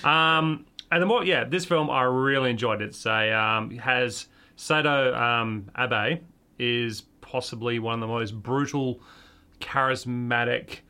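Bright-voiced man chatting about films. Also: medium pitch, slow pace, smooth. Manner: enthusiastic, rambling with fillers. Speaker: podcast co-host. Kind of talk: casual film review chat.

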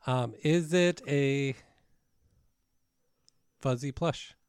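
A man's voice: medium pitch, very slow, slight background noise. Laid-back man co-hosting a podcast. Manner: relaxed, teasing, steers the segments. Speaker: podcast co-host. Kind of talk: casual chat.

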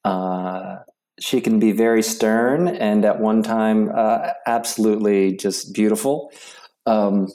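A middle-aged man, a guest in an interview, telling stories haltingly with many restarts and fillers. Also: on the low side, fairly even intonation, mellow. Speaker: interview guest, yoga practitioner. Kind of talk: casual storytelling interview.

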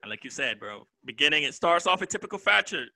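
Young man, podcast co-host, high voice, very bright, dry close sound, animated storytelling. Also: fast talker, creaky, dry recording. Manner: animated, laughing, acts out quoted friends. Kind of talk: casual chat.

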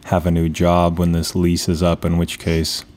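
A man's voice: low-pitched, monotone, moderate pace, a little mellow. A man co-hosting a casual podcast, making dry joking asides and swearing casually. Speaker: podcast co-host. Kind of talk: casual chat.

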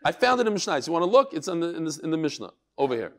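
Male Talmud teacher, high and very animated voice, acts out the quotes in his lesson. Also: racing. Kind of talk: Talmud class lecture.

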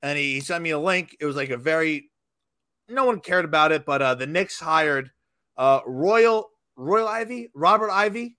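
A man's voice: on the high side, normal speed, pushed and bright, no echo, clean studio sound. A man hosting a casual sports talk show, telling anecdotes and swearing freely. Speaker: podcast host.

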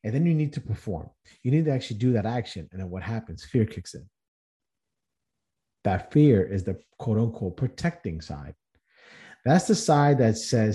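A man's voice: lowish voice, very animated, normal speed, warm tone. A man hosting a podcast, speaking in an earnest motivational monologue with rhetorical questions and frequent restarts. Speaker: podcast host.

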